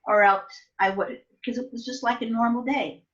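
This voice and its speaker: An older woman telling family stories in an interview, acting out her younger self with lively voices. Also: on the high side, normal speed. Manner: animated storytelling, acts out her younger self. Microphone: soft and distant at times. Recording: dull lo-fi sound.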